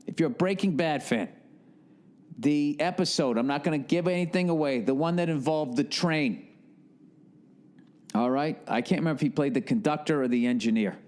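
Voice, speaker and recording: A man hosting a podcast in a rambling, casual monologue, talking bluntly and profanely in an animated way. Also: on the high side, normal speed. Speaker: podcast host.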